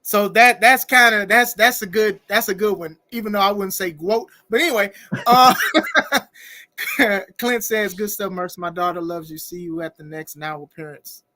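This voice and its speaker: A man hosting a podcast interview in casual chat, animated and laughing often, reading viewer comments aloud. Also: high voice, moderate pace, no room sound, clean studio sound. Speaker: podcast host.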